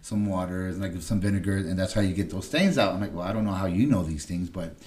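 Emotional low-voiced man telling his story. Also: fast, darkish tone, slight background noise. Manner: emotional, tag questions "right?" between phrases; restarts and repeats words. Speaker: podcast guest. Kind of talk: candid recovery storytelling.

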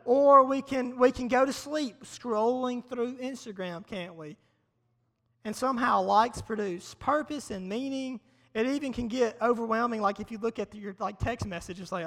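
High, bright-voiced preacher in a hall. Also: male voice, moderate pace. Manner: energetic, conversational, repeats phrases for emphasis. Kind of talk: casual, humorous sermon. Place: large hall before a live audience. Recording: long hall reverb.

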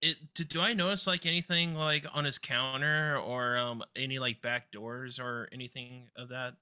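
Male player, very bright tense tone, hesitant with lots of ums. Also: medium pitch, fairly even intonation, normal speed, clean tone. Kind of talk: casual tabletop role-play.

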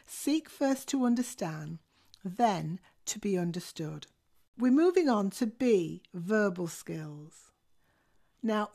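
Measured woman with a gravelly edge. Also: medium pitch, warm tone. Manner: clear, measured, methodical delivery. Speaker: career coach. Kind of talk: instructional talk.

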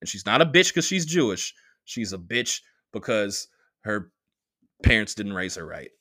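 A young man hosting a podcast, telling a story in a casual, profane, animated way and acting out the quotes. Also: fairly low pitch, moderate pace, no echo, clean studio sound. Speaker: podcast host.

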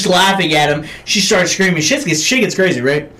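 A man's voice: fairly high pitch, quick pace, hardly any pauses, a crowd in the background. A man co-hosting a podcast, casually retelling a film scene in a profane, rambling way. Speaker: podcast co-host. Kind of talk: casual chat.

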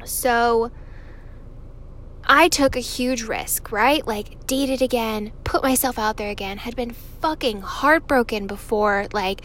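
A woman's voice: fairly high pitch, slow, a bit bright, slight background noise. A woman in her thirties from California, telling a personal story to viewers in a chatty way, swearing freely and laughing often.

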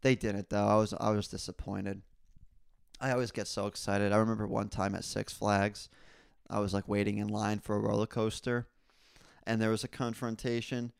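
Crude, rambling young man with a smooth voice. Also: normal speed, no echo, studio quality. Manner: crude, rambling storytelling with lots of swearing; animated when worked up, voice jumps higher and louder. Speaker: podcast host. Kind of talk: casual solo podcast monologue.

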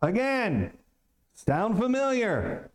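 A man's voice: sits high, very animated, extremely slow. A male pastor preaching a sermon in a small-town church, conversational and joking, with plenty of rhetorical questions.

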